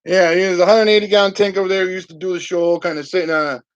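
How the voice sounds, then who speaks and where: A man's voice: high voice, flat delivery, fast talker, clear, resonant tone, no echo, lo-fi sound. A man co-hosting a fantasy football livestream from his home basement, talking in loose, joking, profane banter. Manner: profane, laid-back joking. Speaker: fantasy football show co-host.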